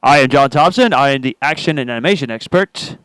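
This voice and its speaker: A man's voice: medium pitch, animated, quick pace, a bit bright, smooth, no room sound, low-quality recording. A man co-hosting a podcast in casual chat, easygoing and playful, laughing along with the others. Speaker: podcast co-host.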